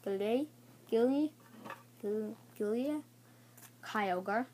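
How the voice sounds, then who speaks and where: A woman's voice: a little high, very slow, darkish tone, slight background noise, low-quality recording. A woman making casual gaming commentary, hesitant, stumbling over names and repeating them. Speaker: video creator.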